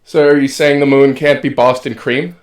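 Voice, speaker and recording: A podcast co-host chats casually in a level, medium-pitched voice at an ordinary speed, the recording carrying a roomy sound. He jokes and rambles, trailing off mid-thought and starting over.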